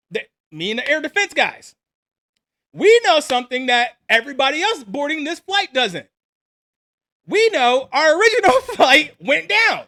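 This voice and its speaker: Army vet guy in his 40s telling war stories, bright punchy voice, acts out all the dialogue. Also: very high voice. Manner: animated, acts out dialogue, laughs between lines. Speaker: army veteran storyteller. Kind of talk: casual personal storytelling.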